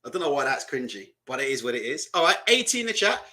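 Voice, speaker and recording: A man's voice: medium pitch, very animated, fast, pushed and bright. A man doing casual, mocking live-stream reaction commentary, asking rhetorical questions and laughing often.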